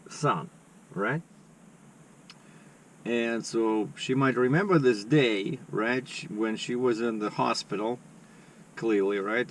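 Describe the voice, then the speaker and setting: A man's voice: medium pitch, far from the mic, a little hiss or hum. Chatty man in his fifties. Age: 50s. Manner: chatty, lots of "you know" and "right". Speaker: vlogger. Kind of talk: casual storytelling.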